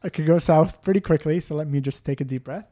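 A man casually telling a story, animated and re-enacting the scenes, with lots of fillers like "dude". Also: a little high, quick pace.

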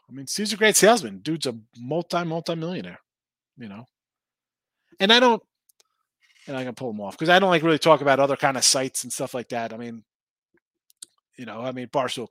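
A man hosting a sports betting show, chatting casually and answering viewer comments in a rambling, excitable way. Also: fairly high pitch, no echo. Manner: rambling, excitable, talks back to chat. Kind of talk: casual live-stream chat reading viewer comments.

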